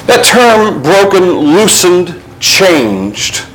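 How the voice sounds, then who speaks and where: A man's voice: sing-song, rough recording. Man preaching an expository sermon. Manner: expository, reads scripture aloud and explains it; shifts between low, quiet emphasis and raised, quicker passages.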